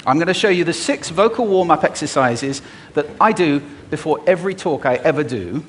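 A man's voice: fairly high pitch, animated, fairly quick, a little hiss or hum. A man who is a voice expert gives a live talk on a stage before an audience and uses his own voice to demonstrate his points.

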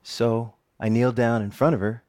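A middle-aged man, a television reporter, telling a personal story in a talk with animated, joking delivery. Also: normal speed. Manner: animated, jokey storytelling with big pitch swings.

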